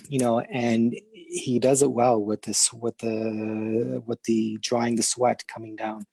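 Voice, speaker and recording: A Canadian illustrator appears as a podcast guest, speaking casually in a slow, medium-pitched voice that's gravelly, a bit mellow and slightly rough. He stutters, uses lots of fillers and restarts, and laughs easily. The recording is dry.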